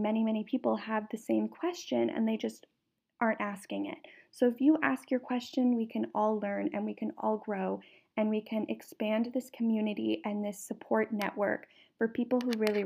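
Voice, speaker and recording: A woman's voice: a little high, gravelly, dark tone, dull audio. A young adult woman from Canada hosting a podcast, telling her personal story in an earnest way and often repeating words for emphasis. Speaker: podcast host.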